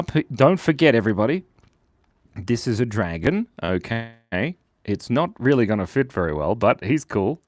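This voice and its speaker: A man's voice: mid-range voice, no room sound, clean studio sound. A cheerful, chatty man hosting a live drawing stream, constantly thanking viewers, on a clip-on mic. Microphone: clip-on lapel mic.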